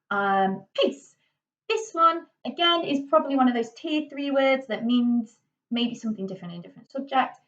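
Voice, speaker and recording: A woman's voice: on the high side, fairly bright tone. A young adult woman teaching drama in a chatty classroom tutorial, full of fillers and "okay"s. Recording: dull, slightly distant lo-fi recording.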